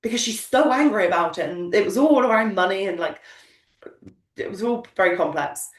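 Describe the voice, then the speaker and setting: Emphatic woman coaching, echoey room. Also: medium pitch. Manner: emphatic, repetitive, motivational. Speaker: business coach. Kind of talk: coaching session talk. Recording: echoey room, distant mic.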